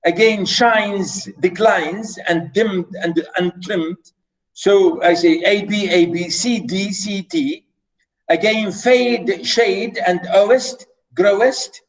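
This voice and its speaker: A man giving an enthusiastic lecture on poetry, reading verse lines slowly and with emphasis, and repeating words to drive a point home. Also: sits high, far from the mic, rough recording. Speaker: literature lecturer.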